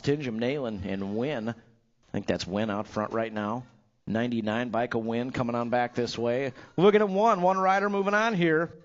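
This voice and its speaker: Upbeat male race announcer, lo-fi sound. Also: medium pitch. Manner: upbeat, hypes riders with nicknames and jokes. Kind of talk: live race commentary.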